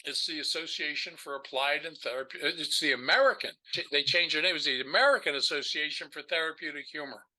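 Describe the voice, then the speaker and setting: An older man tells a long story as a podcast guest, rambling and full of restarts. His voice is very bright and ringing, a little high for a man. He talks in an animated, chatty way. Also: brisk, few pauses, poor audio. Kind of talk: storytelling in a casual chat.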